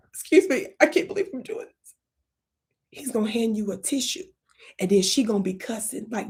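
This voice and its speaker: Playful, animated woman coaching a livestream. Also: mid-range voice. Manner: animated and playful, with sudden whispers and drawn-out words. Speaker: channel host.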